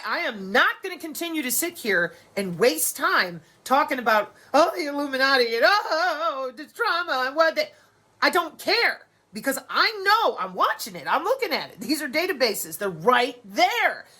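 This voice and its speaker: A middle-aged woman giving a profane, sarcastic monologue to camera, animated and blunt. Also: a little high. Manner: profane, sarcastic, animated, slips into mocking voices. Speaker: vlogger.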